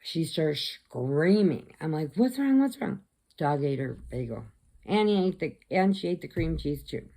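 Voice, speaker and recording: Middle-aged woman, deep gravelly voice, slow easygoing vlog chatter. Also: poor audio. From American Midwest. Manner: chatty storyteller, animated quotes. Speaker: crochet vlogger. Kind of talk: casual chat.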